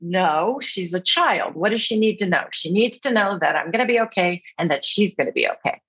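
A woman's voice: on the low side, lively intonation, a little fast, fairly bright tone, husky, muffled recording. A woman speaking as an interview guest, earnest and reflective, now and then acting out what others said. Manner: earnest, reflective, acts out quotes. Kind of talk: candid interview conversation.

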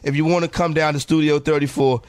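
A man's voice: a little high, steady tone, quick pace, dry recording. A man hosting a radio show, chatting casually and joking as he stumbles through a list of names. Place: radio studio.

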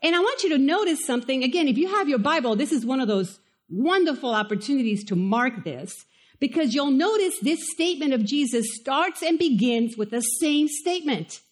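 High-voiced woman preaching, Spanish accent. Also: normal speed. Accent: Spanish-accented English. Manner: conversational and animated, asks the listeners questions. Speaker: pastor. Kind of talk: sermon.

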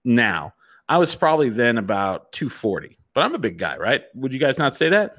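A middle-aged man telling a profane, animated story in casual chat as a host. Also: medium pitch, moderate pace.

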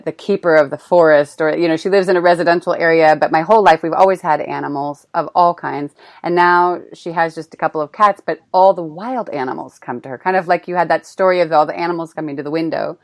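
A woman with a lower-pitched voice hosts a relaxed interview. She answers with easy encouragement and laughs readily as she shares her own anecdotes. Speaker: interview host. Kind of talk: casual interview chat.

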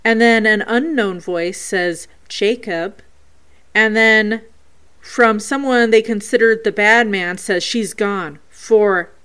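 A woman's voice: fairly high pitch, measured pace, bright, forceful tone, clear, resonant tone. A woman hosting a paranormal show, earnestly reading out a listener's ghost recording and breaking down each sound step by step.

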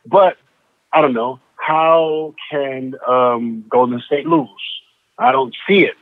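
A man's voice: medium pitch, takes it slowly, dry recording, narrow, tinny audio. Hesitant male guest on a remote line. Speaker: podcast guest, author. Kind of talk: casual sports chat.

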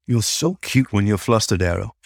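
A playful older rabbit teacher, voiced by a male narrator, low and relaxed. He teases in a folksy, easygoing drawl. The reading is close and dry. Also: normal speed, gravelly, dry recording. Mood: teasing.

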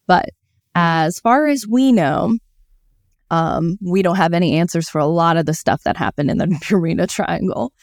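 A woman co-hosting a casual podcast, telling a mystery story in a chatty way. Her voice is low and smooth, with a lot of "um" and small restarts. The sound is close and dry, with no room around it. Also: moderate pace, no room sound. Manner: chatty, many fillers and self-corrections. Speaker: podcast co-host.

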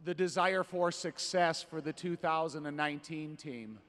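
A man's voice: fairly high pitch, moderate pace, fairly bright tone. A man hosting a panel on a convention stage, asking a long, earnest question. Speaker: panel host. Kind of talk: onstage interview question. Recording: long hall reverb.

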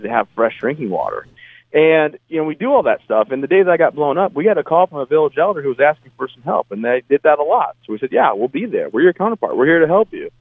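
A man's voice: mid-range voice, dry recording. A man, an army veteran and motivational speaker, talking earnestly and plainly in an interview. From United States. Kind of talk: casual interview talk. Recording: tinny phone line, dry.

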